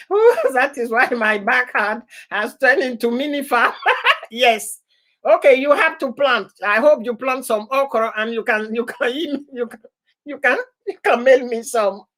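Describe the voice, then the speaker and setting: A woman hosting a casual live stream, laughing often and heartily as she chats and repeats her warm goodbyes and thank-yous. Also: high-pitched, measured pace.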